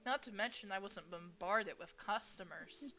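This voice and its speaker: Bright-voiced woman reading a visual novel. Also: medium pitch, a little slow. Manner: expressive, reads each character's lines with shifting energy. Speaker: gaming channel host.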